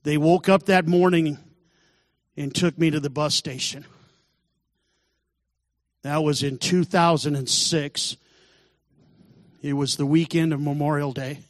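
A man's voice: fairly high pitch, little pitch movement, takes it slowly, pauses often, no room sound, clean studio sound, in a large hall. A man telling his recovery testimony in an earnest storytelling way, sermon style. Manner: earnest storytelling, acts out quoted voices. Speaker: testimony speaker.

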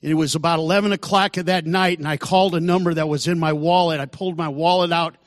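A man's voice: fairly high pitch, fairly even intonation, fast, dry recording, studio quality, in a large hall. A man telling his recovery testimony in an earnest storytelling way, sermon style. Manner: earnest storytelling, acts out quoted voices. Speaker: testimony speaker.

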